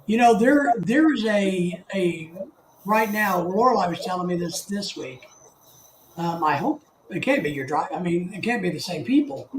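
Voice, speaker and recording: Here the host, a man living in the Philippines, sounds animated and high-pitched, keeping a moderate pace. His casual live chat is rambling and friendly, with viewers greeted by name, in an echoey room with faint noise behind him.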